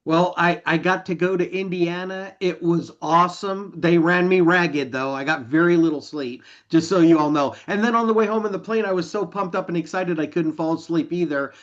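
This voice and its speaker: A man, a company leader, telling an animated story to an online meeting and acting out the dialogue. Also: high-pitched, moderate pace, few pauses, lo-fi sound. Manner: energetic, enthusiastic, acts out dialogue.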